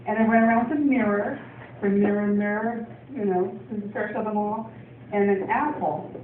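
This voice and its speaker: A woman's voice: medium pitch, steady tone, normal speed, a little hiss or hum. A woman from Portland, Oregon, doing a stand-up comedy set, rambling with lots of ums and laughs. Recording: distant, echoey, phone-like club recording.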